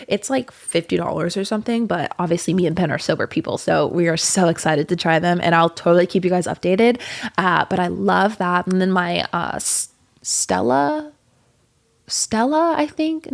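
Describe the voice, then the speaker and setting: This podcast host is a young woman whose voice sits on the low side and sounds gravelly. Chatting casually, she tells a frank, meandering story packed with curse words and filler.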